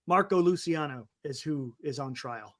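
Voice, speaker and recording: A man hosting a casual live-stream sports talk show over a video call, excitable and laughing often as he urges viewers to join. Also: on the high side, moderate pace. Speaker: show host.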